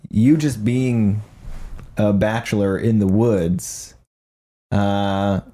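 A man with a fairly low, mellow voice talks shop about improv in a loose, animated way. He drifts onto tangents and lands his points with emphasis and the odd swear word. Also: extremely slow. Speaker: improv podcast co-host. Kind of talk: casual chat.

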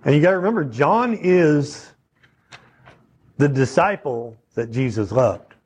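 A man's voice: on the high side, animated, unhurried, a little mellow, husky. A man preaching a sermon in a conversational teaching manner, often checking in with his listeners. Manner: conversational teaching, asks the audience questions.

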